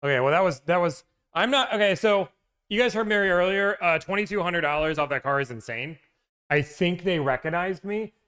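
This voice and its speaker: A man's voice: high voice, lively intonation, fairly quick, fairly bright tone, smooth. A man hosting a casual livestream, rambling and interrupting himself as he chats with viewers about car deals. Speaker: car-buying negotiation service host.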